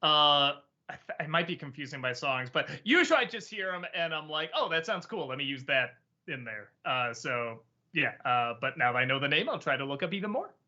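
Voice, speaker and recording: A man hosting a livestream, answering viewer questions in a halting, stop-start way with frequent laughs. His tone is bright and forceful with animated rises and falls, heard through dull, lo-fi stream audio. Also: fairly high pitch. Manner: hesitant, many restarts and laughs. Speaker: host. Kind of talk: casual livestream chat.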